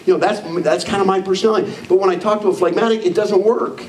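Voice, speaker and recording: Male speaker with a fairly high voice, upbeat trainer style, recorded from far off in an echoey hall. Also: quick pace. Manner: energetic, acts out quoted people in animated voices. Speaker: leadership trainer. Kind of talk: motivational training talk to a live audience. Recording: echoey hall, mic from far off, faint noise.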